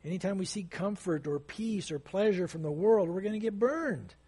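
A man's voice: high voice, lively intonation, moderate pace, mellow, breathy edge. A male pastor preaching an expository sermon, conversational and emphatic, with sudden surges of intensity.

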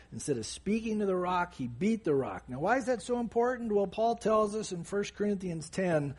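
A male preacher teaching a sermon with a lively, rising and falling voice that has a husky grain. He keeps it conversational, tossing in casual asides between points, and sits a bit higher than most men.

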